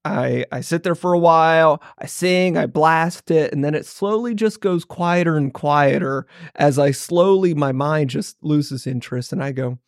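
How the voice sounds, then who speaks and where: A man's voice: fairly high pitch, moderate pace, hardly any pauses, dry recording, clean studio sound. A man co-hosting a podcast, telling rambling, self-mocking stories in casual chat. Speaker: podcast co-host.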